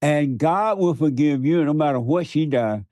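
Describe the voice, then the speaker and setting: A man's voice: on the high side, normal speed, warm tone, no echo. A man preaching to his interviewer in an emphatic, repetitive way, laughing often. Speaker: guest.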